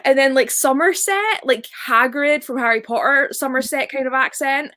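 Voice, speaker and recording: A Scottish woman chatting casually on a live stream, enthusiastic and quick to laugh. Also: high voice, fairly bright tone. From Scotland. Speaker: booktuber co-host.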